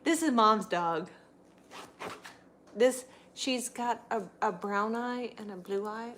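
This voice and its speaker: A woman's voice: slow, long pauses, a bit bright, a little hiss or hum. Chatty middle-aged woman at home. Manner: chatty, talks to her pets in a high sing-song voice. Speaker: vlogger. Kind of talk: casual livestream chat. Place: home, indoors.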